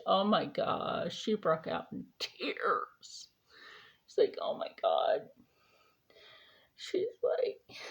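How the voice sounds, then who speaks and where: A woman's voice: medium pitch, muffled recording. A woman vlogger chatting casually during her skincare routine, telling a rambling story with lots of fillers.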